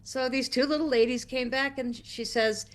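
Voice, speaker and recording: A middle-aged American woman telling a long story in an interview, animated and acting out quotes with big jumps in pitch. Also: moderate pace. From United States. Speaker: interview guest.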